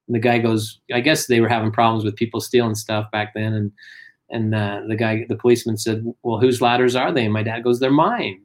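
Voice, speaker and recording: A middle-aged man tells stories in a relaxed conversational way, slipping into the voices of the people he quotes. His voice sits at an ordinary pitch for a man. He keeps a steady, chatty flow. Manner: animated anecdotes, acts out quotes. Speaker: guest. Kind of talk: casual storytelling.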